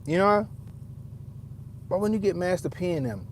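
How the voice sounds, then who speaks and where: A man's voice: sits high, animated, normal speed, slight background noise. A man giving a casual, profane commentary, rambling and often repeating himself as he restarts his thoughts. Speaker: father.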